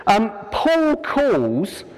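Preacher guy, high voice, jokey and chatty, big hall echo. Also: huge pitch swings, drawn-out words, darkish tone. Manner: jokey, self-deprecating, chatty asides. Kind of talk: informal sermon with a sung action chorus. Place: church hall. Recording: long church hall reverb.

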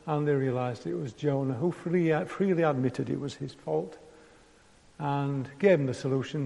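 A man's voice: fairly high pitch, moderate pace, creaky, mellow. A man preaching a conversational sermon, acting out prayers in the first person. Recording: long hall reverb.

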